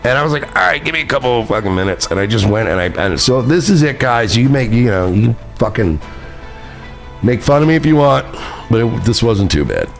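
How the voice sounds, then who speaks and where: A man's voice: medium pitch, animated, a little fast, gravelly, faint music behind. A man from New York hosting a podcast, telling a story in a rambling, profane, self-mocking way while intoxicated. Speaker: podcast host. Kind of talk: casual storytelling chat.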